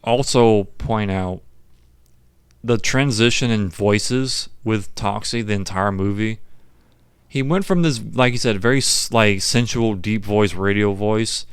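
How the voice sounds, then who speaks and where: A man's voice: on the low side, unhurried, smooth, no echo. A man co-hosting a podcast, chatting casually about a cult film and rambling as he acts out lines from it. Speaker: podcast co-host. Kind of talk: casual movie review chat.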